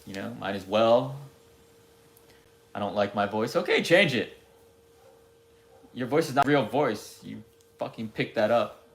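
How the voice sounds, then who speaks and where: A man's voice: medium pitch, expressive, unhurried, vocal fry, pauses often, slight background noise. A man rambling candidly to himself in a casual, self-deprecating monologue.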